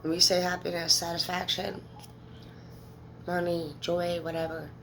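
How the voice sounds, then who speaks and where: This tarot reader, a woman in her thirties, delivers a casual monologue to viewers, candid, emotional, and freely profane. Her lowish voice is a bit bright, flat, and a little slow, over a rough recording with slight background noise.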